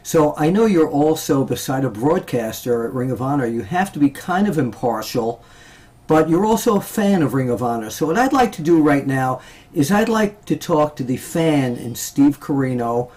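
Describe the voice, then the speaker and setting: A man hosting a casual wrestling interview, halting often with filler sounds. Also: fairly high pitch, big pitch swings, a little mellow. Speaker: interview host.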